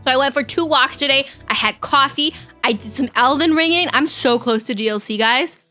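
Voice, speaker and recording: A woman's voice: high voice, a little fast, bright, forceful tone, faint music behind. A young woman streaming live, chatting casually and giggling as she talks to her chat. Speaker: vtuber streamer.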